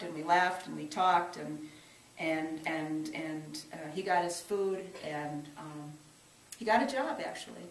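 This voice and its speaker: A woman's voice: low voice, unhurried. Middle-aged woman telling a church story, earnest, lots of restarts, mic kinda far off, roomy. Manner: earnest, reflective, with many restarts and emphatic rises. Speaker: church social service minister. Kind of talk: personal storytelling testimony. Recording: roomy sound from a distance, faint ambience.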